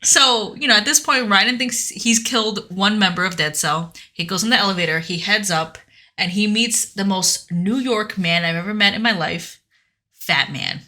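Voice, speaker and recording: A woman's voice: medium pitch, normal speed, sharp tone. A woman co-hosting a podcast in casual, joking chat, laughing often as she recaps a video game. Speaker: podcast co-host.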